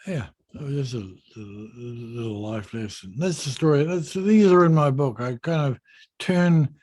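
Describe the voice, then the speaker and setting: In an interview, a man who designs yachts recounts a story at an easy, unhurried pace, poking fun at himself along the way. He speaks at a medium pitch.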